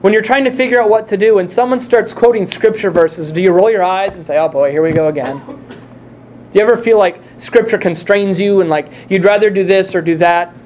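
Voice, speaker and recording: A man's voice: high-pitched, fairly even intonation, a little fast, few pauses, a little mellow, a little hiss or hum. A male pastor preaching a sermon, speaking earnestly and putting direct questions to his congregation.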